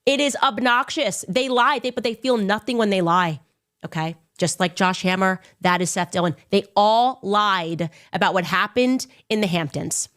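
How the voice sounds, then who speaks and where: A woman hosts her own commentary show and talks through it in an emphatic, combative way. She is often sarcastic and mocks her opponents by doing their voices higher than her own. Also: normal speed, a bit bright. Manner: sarcastic, mocking impressions in a high voice. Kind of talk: opinionated commentary monologue.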